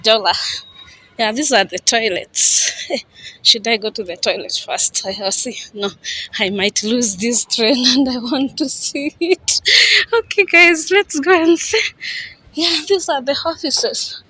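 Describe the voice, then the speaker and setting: A woman vlogging on a handheld phone at a railway station and on board a train. She gushes with excitement and repeats herself often. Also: fairly high pitch, a little slow, husky. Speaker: travel vlogger. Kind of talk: casual vlog narration. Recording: noisy phone recording on the move.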